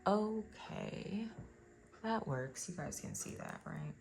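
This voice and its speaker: A woman's voice: on the low side, lively intonation, slow pace, vocal fry, darkish tone, a little hiss or hum. A young woman giving a casual tarot card reading, chatting to her viewers with plenty of ums and uhs. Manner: chatty, addresses viewers directly with many fillers. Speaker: tarot reader.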